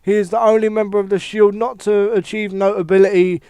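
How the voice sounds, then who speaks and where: A man rants about wrestling in a casual, animated way, swearing freely and correcting himself mid-sentence. His voice is high and smooth. The recording is very dry and close. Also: brisk, dry recording. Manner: animated, heavy swearing, thinks aloud with restarts. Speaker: wrestling commentator. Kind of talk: casual wrestling opinion monologue.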